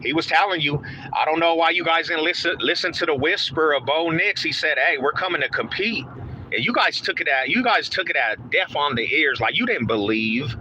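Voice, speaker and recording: Man, very bright tense voice, hyped trash talk, casual live stream, faint car hum behind. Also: fairly high pitch, brisk. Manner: trash-talking, hyped and repetitive, calls listeners bro. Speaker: live-streaming sports fan host. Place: in a car driving to work. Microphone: phone in hand.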